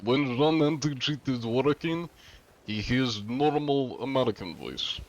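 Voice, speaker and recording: A man's voice: mid-range voice, expressive, a little slow, muffled recording, voice pushed up. A man voicing a big, sweaty, leisurely Russian man with a put-on Russian accent and broken-English phrasing.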